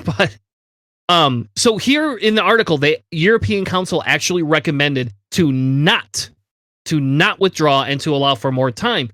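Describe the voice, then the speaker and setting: A man's voice: on the high side, expressive, a little slow, pushed and bright, no echo, clean studio sound. A man co-hosting a podcast, talking angrily in a heated political discussion and swearing as he rants. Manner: angry, ranting, swears. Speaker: podcast co-host.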